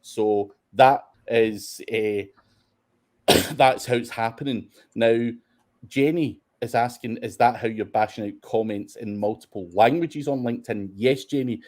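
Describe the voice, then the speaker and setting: Mellow-voiced Scottish man, blunt and sweary. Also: medium pitch. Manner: blunt, sweary, laughs between points. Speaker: host of SEO Q&A. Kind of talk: casual livestream Q&A.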